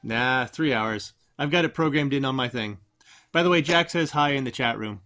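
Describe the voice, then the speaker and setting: A man's voice: medium pitch, normal speed, pushed and bright. A man hosting an online show, chatting casually and joking as he rambles. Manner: jokey, rambling. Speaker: podcast host. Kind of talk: casual chat.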